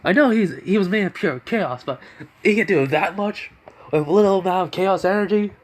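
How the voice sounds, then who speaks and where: A man's voice: high voice, normal speed, pitched above the performer's own voice. A young man voicing a serious male rival hedgehog, disbelieving and exasperated. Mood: astonished.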